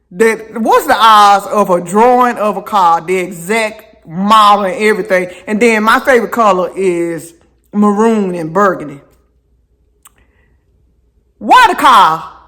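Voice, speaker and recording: A voice at a mid pitch, talking at an unhurried, drawn-out pace. The speaker chats to viewers while walking outdoors, circling back and repeating phrases for emphasis. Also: bright, forceful tone. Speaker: vlogger. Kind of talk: casual walking vlog talk. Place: outdoors on a walk.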